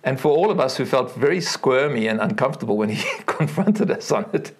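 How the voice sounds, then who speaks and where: A middle-aged Australian man, a keynote speaker, telling animated stories in an interview and acting out the voices of the people in them. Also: brisk, slightly rough. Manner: acts out quoted voices with big pitch swings, repeats words.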